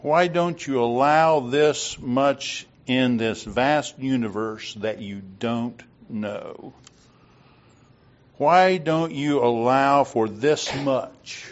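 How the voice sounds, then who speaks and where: A man preaching a sermon and retelling a story in a slow, deliberate way, on a dull lo-fi recording. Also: mid-range voice.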